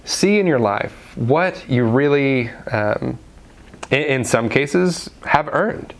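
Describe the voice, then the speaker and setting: A preacher delivers a daily devotional sermon, his medium-pitched voice animated and unhurried. He speaks conversationally, using fillers and now and then acting out the voices he quotes.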